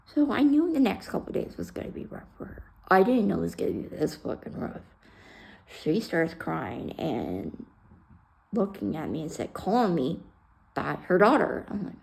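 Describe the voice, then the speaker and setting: Blunt, gravelly-voiced woman telling her story. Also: mid-range voice, very animated, unhurried, darkish tone, low-quality recording. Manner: blunt, heated, swears freely. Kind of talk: casual personal storytelling.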